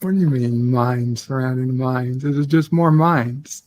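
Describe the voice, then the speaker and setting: A man in a casual live-stream chat, deadpan and joking with a mock-sinister edge. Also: medium pitch, moderate pace.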